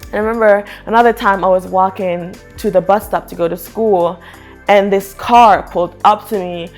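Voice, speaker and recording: A young woman telling her personal faith testimony in a casual, lively way, acting out the voices in her story. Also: mid-range voice, normal speed, soft background music. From Jamaica. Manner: animated, acts out quotes, laughs often. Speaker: testimony speaker.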